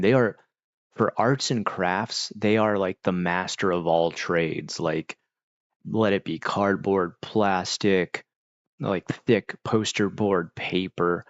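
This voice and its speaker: Deep gravelly middle-aged man rambling. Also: steady tone, slow, no echo. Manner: rambling, laid-back, heavy use of "like" and "dude". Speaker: streamer. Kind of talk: casual chat with live viewers. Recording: dull, dry lo-fi mic.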